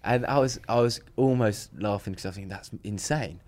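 A man's voice: lowish voice, a little fast. A man, a podcast guest, telling a story in casual chat and acting out the dialogue as he goes. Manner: animated, acts out quoted dialogue, frequent restarts.

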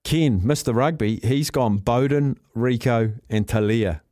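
A laid-back New Zealand man hosting talkback radio from a dry, close studio mic. His voice sits at a middle pitch, chatty and jokey as he runs through listener picks. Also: measured pace, dark tone, no echo. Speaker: radio host. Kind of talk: casual sports talkback.

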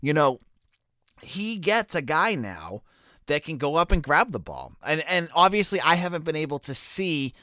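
A man's voice: fairly high pitch, sing-song, moderate pace, pushed and bright, no echo, clean studio sound. A man with a Boston accent giving casual solo commentary as a college football recruiting analyst, talking loosely with fillers and restarts. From Boston area. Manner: conversational, many fillers and restarts.

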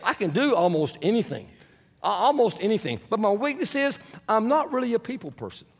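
Guy putting on a blunt young job-seeker lady, low-key, bit high, long echoey church sound. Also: very animated, brisk, a little hiss or hum. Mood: candid. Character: young woman job applicant, flatly frank.

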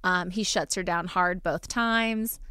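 A woman's voice: fairly low pitch, steady tone, slow pace, bright, forceful tone, smooth, no echo, studio quality. A woman hosting a podcast, recapping a movie in a wry, casual way and laughing often. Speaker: podcast host.

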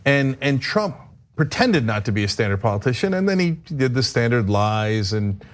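A male host asking interview questions in a playful way, quick to laugh. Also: mid-range voice, sing-song, slight background noise.

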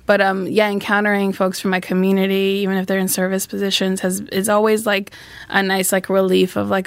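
A woman's voice: mid-range voice, flat delivery, quick pace, no echo. A woman filmmaker talking earnestly in a casual podcast conversation, acting out the people she quotes. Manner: earnest, reflective, acts out quoted dialogue. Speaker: filmmaker guest.

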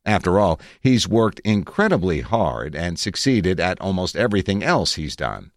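A man narrating his own article in a reflective, measured way with wry asides, recorded on a close studio mic. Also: low voice, sing-song, no room sound. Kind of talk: scripted narration.

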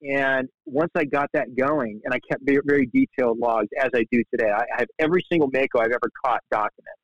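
Animated middle-aged man telling stories. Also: mid-range voice, fast talker, no room sound. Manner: animated, restarts often, quotes people in lively voices. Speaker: guest, shark fly fisherman. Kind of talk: casual storytelling. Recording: slightly muffled, dry sound.

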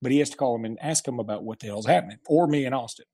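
A man's voice: mid-range voice, rapid-fire, warm tone. A man in his forties, a show host telling a funny story in casual chat and laughing through his punchlines. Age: 40s.

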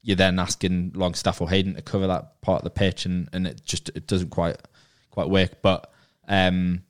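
A man's voice: deep voice, level tone, moderate pace. A man on a football podcast panel, thinking aloud with frequent restarts as he weighs his points. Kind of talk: casual football podcast chat.

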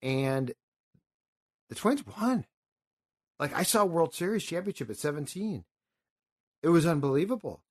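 A man's voice: a little high, very animated, normal speed, pauses often, darkish tone. A man in his fifties hosting a sports talk show, telling stories in an impassioned, rambling and emotional way. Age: 50s. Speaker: sports radio host.

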